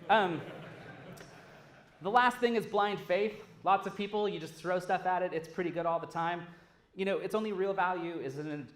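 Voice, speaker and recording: A man giving a casual, animated conference talk, swearing freely as he speaks. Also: fairly high pitch. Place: large lecture hall. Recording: roomy hall sound.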